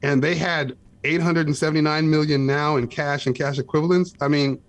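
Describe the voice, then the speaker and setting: A man co-hosting a podcast in casual chat, talkative and quick to laugh. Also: on the high side, fairly even intonation. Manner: chatty, laughs easily, many fillers like "like" and "you know". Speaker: podcast co-host.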